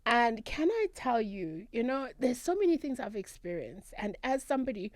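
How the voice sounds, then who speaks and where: A South African woman, a guest and traditional healer, telling her story in an animated, emphatic way in a studio interview. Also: on the high side, normal speed, few pauses, no echo. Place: radio studio.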